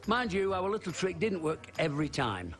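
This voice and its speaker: A man's voice: high voice, sing-song, normal speed, fairly bright tone, faint music behind. A man narrating his comedy career in a plain, wry tone. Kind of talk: documentary narration.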